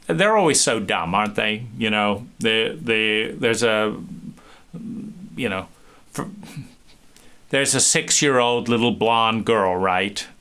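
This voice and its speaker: A man giving an animated talk, acting out small scenes and restarting phrases often. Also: on the low side, slow pace, smooth. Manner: animated, acts out little scenes with many restarts. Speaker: speaker. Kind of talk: lecture.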